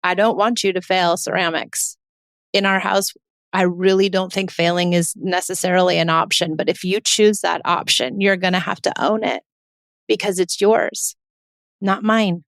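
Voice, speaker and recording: A woman's voice: lowish voice, fairly even intonation, moderate pace, dry recording, clean studio sound. A woman, hosting a parenting podcast in an earnest, emphatic monologue that keeps repeating her points.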